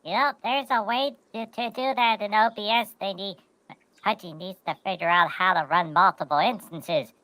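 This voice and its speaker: A man's voice: high voice, normal speed, pushed and bright, no room sound, poor audio. A man co-hosting a casual podcast, telling rambling stories and repeating words as he goes. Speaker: podcast co-host. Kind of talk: casual chat.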